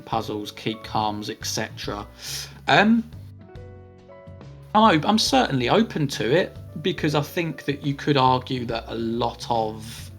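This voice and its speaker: A man co-hosting a podcast, answering listener questions in a measured, hedging way as he thinks aloud. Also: mid-range voice, fairly bright tone. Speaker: podcast co-host. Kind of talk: casual Q&A chat.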